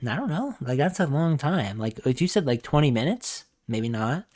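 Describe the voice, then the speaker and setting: A young man co-hosting a casual podcast, excitable and swearing, who jumps into high voices to act out cartoon lines. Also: normal speed. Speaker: podcast co-host. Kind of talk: casual chat.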